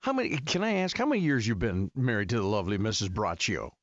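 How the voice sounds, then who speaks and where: Middle-aged man, playful teasing, lively pitch, dry slightly dull sound. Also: quick pace, no echo. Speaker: radio host. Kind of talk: radio chat.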